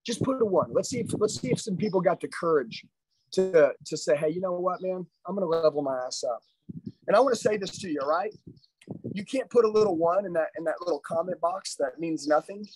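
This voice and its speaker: Intense, high-pitched male sales coach. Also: lively intonation, a little fast, darkish tone, slight background noise, low-quality recording. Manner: intense, confrontational, profane. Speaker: sales trainer. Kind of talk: live motivational speech. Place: live training session.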